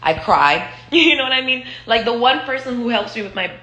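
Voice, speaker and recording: Her voice sits on the high side, bright and pushed, with brisk pacing and lively intonation. She's an Israeli vlogger in her twenties rambling through personal stories, profane and full of fillers, in an echoey room.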